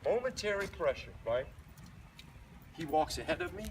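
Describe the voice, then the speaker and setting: A man with a fairly high, lively voice teaches a leash lesson outdoors, talking through each step and cheerfully praising the dog between explanations. He sounds a bit away from the mic, with plenty of outdoor noise around him. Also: moderate pace. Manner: explains while walking, breaks off to praise the dog in a light voice. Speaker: dog trainer. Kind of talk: outdoor training demonstration. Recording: distant mic, noisy outdoor.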